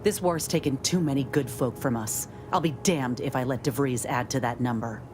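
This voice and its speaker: A woman's voice: very deep voice, moderate pace, music in the background. A woman voicing a resolute, loyal female companion in a video game, earnest and blunt. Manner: earnest, blunt folksy speech.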